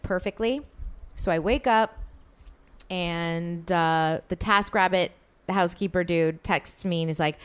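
A woman's voice: mid-range voice, smooth. A young woman casually telling a long, rambling story to a co-host, full of fillers and quoted back-and-forth. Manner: rambling, animated, filler-heavy retelling.

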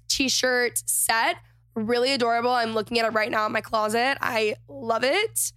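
A woman hosting her podcast in a chatty, gushing way, tired and a little hoarse from losing her voice. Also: fairly high pitch, a bit bright, no echo. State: slightly lost voice, tired. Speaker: podcast host. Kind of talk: casual podcast intro and ad read.

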